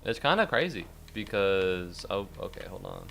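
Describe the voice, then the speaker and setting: A man's voice: low-pitched, big pitch swings, moderate pace, creaky, fairly bright tone, soft background music. A young man streaming a game, rambling and sarcastic, swearing a lot and yelping suddenly at the game. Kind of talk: casual gameplay commentary.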